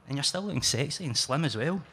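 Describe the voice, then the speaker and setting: A man's voice: mid-range voice, expressive, quick pace, sharp tone, a little hiss or hum. A Scottish man reading aloud, voicing a lazy, cocky young man with cheeky, laddish banter.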